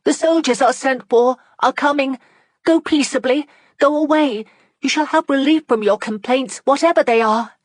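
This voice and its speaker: A woman reading an audiobook voices a young woman urgently pleading with an angry crowd, her voice raised high. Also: measured pace, dry recording, studio quality.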